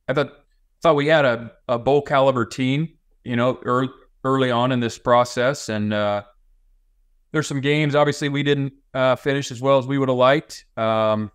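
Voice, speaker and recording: A male head football coach in his forties answering interview questions in a measured way, with frequent pauses. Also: medium pitch, clear, resonant tone, dry recording, clean studio sound. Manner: measured, with many fillers and restarts.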